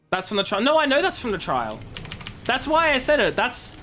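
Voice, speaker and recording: A woman's voice: on the low side, very animated, a little fast, fairly bright tone, faint music behind. A young woman in her twenties, a streamer and law student, chatting animatedly and amused while she plays a game. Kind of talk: casual chat while gaming.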